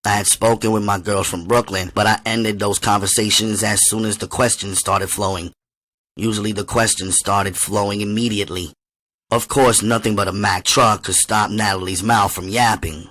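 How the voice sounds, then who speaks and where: A man reading a novel aloud as an audiobook reader, with steady, measured storytelling. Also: lowish voice.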